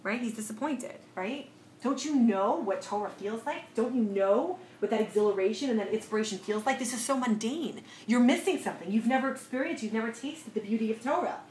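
A woman teaching a lively class lecture, telling a story and asking her students questions as she goes. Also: on the high side, brisk. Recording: echoey room, faint noise.

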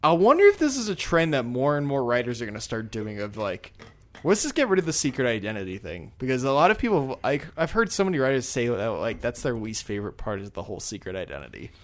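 A man with a lively, swooping voice of middling pitch rants on a podcast. He swears freely and talks in a loose, excitable way. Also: fast. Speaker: podcast co-host. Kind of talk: casual chat.

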